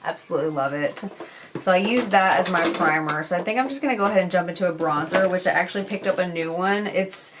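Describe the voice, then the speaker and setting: A woman's voice: fairly low pitch, fast talker, background noise. A young woman chatting candidly as a beauty vlogger while she does her makeup, swearing casually as she goes.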